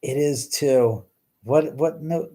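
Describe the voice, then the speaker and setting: A middle-aged man hosting a live stream, chatting casually with viewers and reading their comments, animated, with frequent swearing and trailing restarts. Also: mid-range voice, takes it slowly. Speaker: livestream host.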